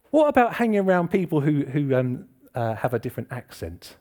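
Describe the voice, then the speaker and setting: In a church hall, a man delivers an informal, chatty sermon, quizzing the congregation and poking fun at himself. His voice is a little high and darkish, moving at a quick clip with hardly any pauses.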